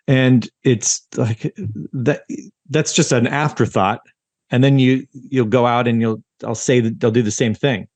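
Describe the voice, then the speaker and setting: A man's voice: medium pitch, steady tone, a little slow, darkish tone, no echo, lo-fi sound. A man talking casually as a podcast guest, rambling and self-mocking, with many restarts. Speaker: ADHD coach and podcast guest.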